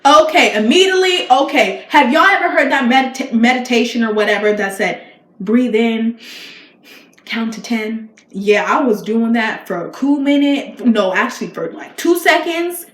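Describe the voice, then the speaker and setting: Animated woman telling a storytime vlog. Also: fairly high pitch, moderate pace. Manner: chatty, slangy, addresses viewers as y'all; animated, emphatic repetition. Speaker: vlogger. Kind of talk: casual storytime. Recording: echoey room with faint hiss.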